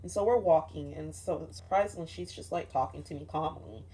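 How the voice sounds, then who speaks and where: A woman's voice: sits low, fairly quick, warm tone. A young woman telling a dream story in a casual, rambling way, swearing often and saying "like" a lot. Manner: rambling, profane, frequent "like" fillers. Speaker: vlogger recounting a dream.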